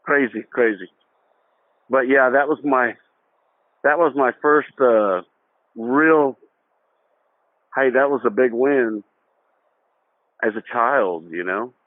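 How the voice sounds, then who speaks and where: A middle-aged man recounts old memories in a casual interview, lively and chuckling. His voice sits at an ordinary pitch. It comes through thin and phone-like, with no room sound. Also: slow, pauses often, no echo. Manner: animated, acts out quoted voices, laughs through his own story. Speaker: guest. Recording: dry, tinny phone-like audio.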